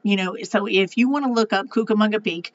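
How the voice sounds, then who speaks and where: A woman's voice: medium pitch, a little fast, dull audio. A middle-aged woman hosting her own podcast, talking candidly and emotionally in a casual monologue, swearing freely. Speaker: podcast host.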